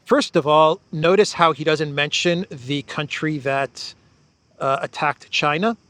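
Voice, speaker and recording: A man hosting a political commentary show, talking off the cuff in a lively monologue, laughing in disbelief and repeating himself as he restarts his sentences. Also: on the high side, a little slow, no room sound. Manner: animated, laughs incredulously, repeats words and restarts often.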